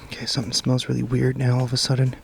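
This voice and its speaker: A man's voice: mid-range voice, monotone, rapid-fire, creaky. A man filming himself as he hurries out of a forest at night, talking nervously to his viewers, sighing and swearing under his breath. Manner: jittery, swearing, often sighing and muttering. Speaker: paranormal vlogger. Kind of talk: nervous first-person vlog narration. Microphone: handheld camera mic while walking. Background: faint night forest noise and rattling.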